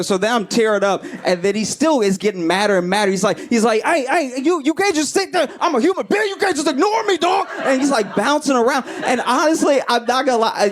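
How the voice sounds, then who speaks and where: A male comedian performs stand-up on a club stage, his voice sitting high as he tells his story with animated energy. He slips into the voices of the people in his story. The live recording carries clear background noise. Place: comedy club stage before a laughing audience.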